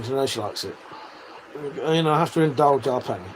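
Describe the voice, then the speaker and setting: A man's voice: mid-range voice, expressive, fast talker, slight background noise, poor audio. A man hosting a casual livestream, reading out viewer messages and chatting back in a sweary, matey way with frequent laughs. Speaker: livestream host.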